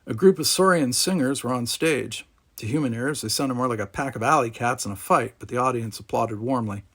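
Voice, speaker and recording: A man narrating a storybook aloud, animated, giving each character its own voice. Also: mid-range voice, slightly rough.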